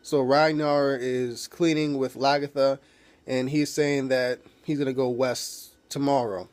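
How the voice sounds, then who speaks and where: Guy rambling thru a tv recap, tons of "you know", cusses a lot, mid pitch. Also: steady tone, a little slow, a little mellow. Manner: rambling, filler-heavy, swears freely. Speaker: TV episode reviewer. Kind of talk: casual spoken recap.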